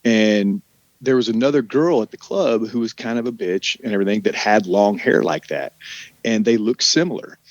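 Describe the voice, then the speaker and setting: A man's voice: fairly low pitch, normal speed, dry recording, muffled recording. A middle-aged man from Oklahoma, an actor guesting on a podcast, telling loose, profane stories and acting out the people in them. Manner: animated storyteller, acts out quoted voices, loose and profane. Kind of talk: casual storytelling chat.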